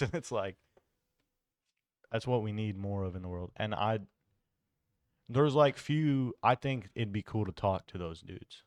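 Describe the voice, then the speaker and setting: Easygoing low-voiced man chatting. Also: normal speed, long pauses, no echo, clean studio sound. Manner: rambling, enthusiastic, many fillers. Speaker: podcast co-host. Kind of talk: casual chat.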